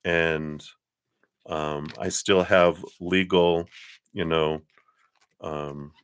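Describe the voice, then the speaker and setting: Deep-voiced chatty male tarot reader. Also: steady tone, extremely slow, clean tone, dry recording. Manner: chatty, laughs often, acts out little quotes. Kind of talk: live-stream card reading, casual chat.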